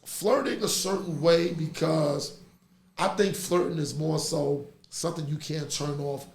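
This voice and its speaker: A middle-aged man, hosting a podcast in casual chat and telling stories with animated energy. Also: fairly high pitch, measured pace, creaky. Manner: animated storytelling, laughs through stories. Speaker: podcast host. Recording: echoey room with faint noise.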